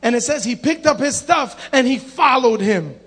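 High husky preacher calling out to a congregation. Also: male voice, moderate pace. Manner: animated, acts out voices, calls to the congregation. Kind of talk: sermon.

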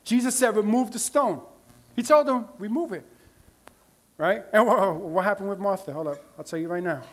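A male pastor preaching a sermon in a loose, conversational way, checking in with "right?" and swinging from quiet murmurs to loud emotional bursts. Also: sits high, fairly quick. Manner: conversational preaching with frequent "right?" asides and restarts.

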